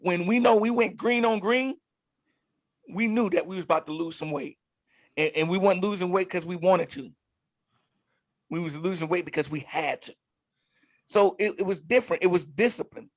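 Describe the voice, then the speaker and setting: A middle-aged man, a former Marine and podcast co-host, telling animated stories in casual chat, often repeating himself and swearing. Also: high-pitched, moderate pace, long pauses, no echo.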